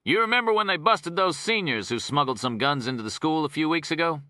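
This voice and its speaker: A man voicing a soft-spoken, easygoing male detective with a lazy drawl. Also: on the high side, expressive, fairly quick, dry recording, clean studio sound, voice pushed up.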